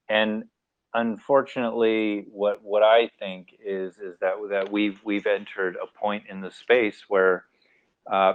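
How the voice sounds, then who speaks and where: An American man speaking as a panelist in a casual live discussion, animated and acting out little scenarios as he talks. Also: on the low side, no room sound. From United States. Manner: animated, acts out mock scenarios, laughs. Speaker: AMA panelist. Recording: tinny phone-like line, dry.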